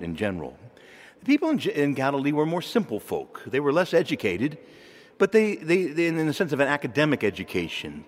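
A man preaching a sermon in a church, in a conversational way, putting questions to his listeners. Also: medium pitch. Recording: long reverb of a large hall.

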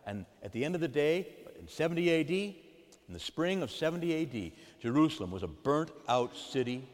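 Emphatic priest in a reverberant church. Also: male voice, mid-range voice. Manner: emphatic, swings between loud and hushed. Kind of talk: sermon.

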